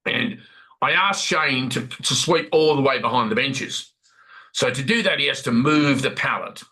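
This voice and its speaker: A man's voice: medium pitch, moderate pace, sharp tone, natural voice, low-quality recording. An Australian man playing a chatty warehouse supervisor who rambles, repeats himself and recounts what others said during a role-played workplace investigation interview. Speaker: workplace witness being interviewed.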